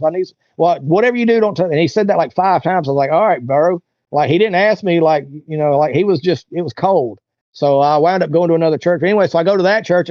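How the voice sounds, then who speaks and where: A man's voice: fairly high pitch, darkish tone, no echo, muffled recording. A man, an interview guest, telling a long personal story in a casual, rambling, colloquial way and acting out what others said.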